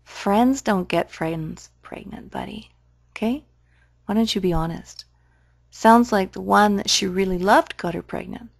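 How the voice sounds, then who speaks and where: A woman's voice: mid-range voice, unhurried, vocal fry, no room sound. A woman commenting on a video in a sarcastic, challenging way, mocking the speaker's claims.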